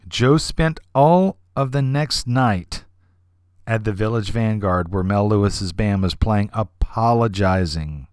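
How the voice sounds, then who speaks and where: Animated male podcast storyteller. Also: lowish voice, no echo, clean studio sound. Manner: animated, with vivid character voices. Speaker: podcast host. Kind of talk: anecdotal storytelling.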